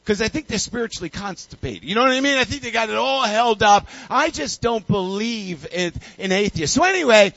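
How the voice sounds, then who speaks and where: High-voiced fiery man preaching. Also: animated, brisk, hardly any pauses, no room sound, muffled recording. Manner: call-and-response preaching, building to shouts. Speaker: pastor. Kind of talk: sermon.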